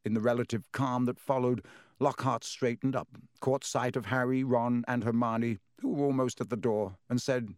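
A male narrator reading a fantasy story with lively, expressive delivery. His voice sits at an ordinary middle pitch for a man. The recording is dry and close, with no room sound. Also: normal speed, no echo. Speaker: audiobook narrator. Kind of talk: scripted narration.

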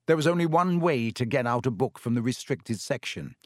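Expressive male audiobook narrator. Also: medium pitch, a little fast, few pauses, no room sound, studio quality. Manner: expressive reading with character voices. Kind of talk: scripted narration.

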